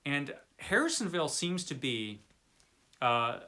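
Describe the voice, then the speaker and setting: Bright-voiced man, chatty and rambling. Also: mid-range voice, animated, moderate pace. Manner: chatty, rambling, frequent fillers and restarts; wry, enthusiastic about pulp fiction. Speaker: book reviewer. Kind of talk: casual video talk.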